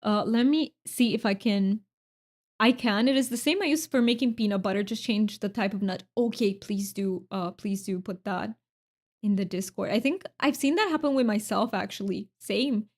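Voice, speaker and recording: A woman's voice: medium pitch, moderate pace, a little mellow. A woman whose first languages are Romanian and Hungarian, chatting casually on a game stream and answering chat aloud.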